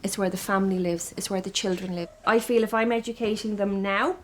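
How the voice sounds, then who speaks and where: A little hiss or hum accompanies this Irish woman's medium-pitched, brisk voice. She teaches farm safety and appears in documentary interviews and classroom sessions, speaking in a lively way and putting lots of questions to schoolchildren.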